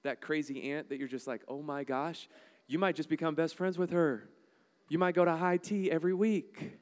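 A man preaching a sermon in an animated, joking way, acting out little voices as he goes. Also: fairly high pitch, normal speed. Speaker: pastor. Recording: long hall reverb.

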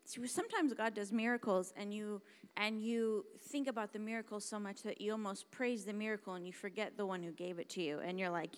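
A woman preaching a sermon, dramatic and emphatic, dropping to hushed whispers and then rising to loud exclamations. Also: medium pitch, brisk, clear, resonant tone. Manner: emphatic, repeats words for stress.

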